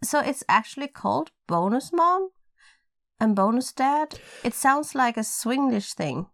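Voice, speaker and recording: A woman's voice: high voice, sing-song, measured pace, creaky, fairly bright tone, dry recording. A woman with a Swedish accent, Swedish her first language, co-hosting a casual podcast in English with playful, teasing banter into a podcast microphone. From Sweden. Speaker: podcast co-host.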